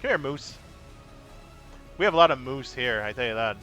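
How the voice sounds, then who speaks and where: A man's voice: medium pitch, lively intonation, moderate pace, bright, forceful tone, faint music behind. A man streaming a card game, chatting casually with his viewers in a playful, rambling way. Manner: breaks into silly sing-song. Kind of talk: casual live-stream chat.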